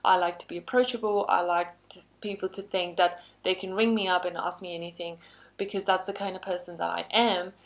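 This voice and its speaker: A woman's voice: fairly low pitch, steady tone, a little fast. Chatty woman trainer, upbeat and conversational. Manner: chatty, frequent "you know" asides, upbeat emphasis. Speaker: workplace skills trainer. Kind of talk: conversational online lesson.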